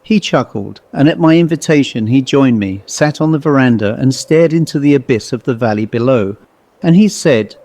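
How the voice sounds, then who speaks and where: Mellow male audiobook narrator. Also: mid-range voice, expressive, no echo. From England. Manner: measured, reflective. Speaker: author and narrator.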